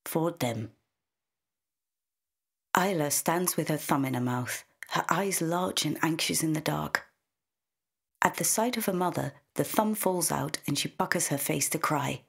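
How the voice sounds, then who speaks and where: A woman narrates a short story in a measured, intimate way. Her voice sits low and carries a husky, breathy edge. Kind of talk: scripted narration.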